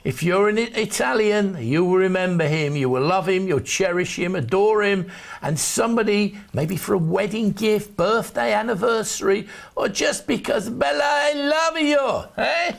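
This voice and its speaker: A man's voice: sits high, moderate pace, gravelly. A man presenting on a shopping channel, giving chatty, jokey sales patter for signed football shirts. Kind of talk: TV sales pitch.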